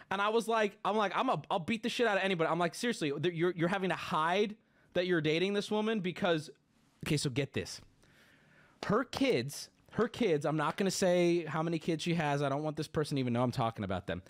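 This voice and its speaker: A man's voice: sits high, animated, a little fast, a bit bright. A man in his late twenties, hosting a livestream, ranting indignantly and swearing as he talks. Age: late 20s. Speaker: livestream host. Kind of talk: casual livestream rant.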